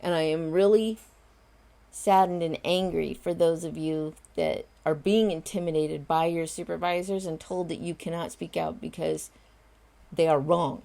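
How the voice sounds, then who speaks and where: Casting note: woman in her forties, vlogger, low mellow voice, earnest and emphatic, talking directly to camera. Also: fairly even intonation, moderate pace, creaky. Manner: emphatic, earnest, talks straight to viewers. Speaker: vlogger and home confinement advocate. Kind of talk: casual direct-to-camera vlog.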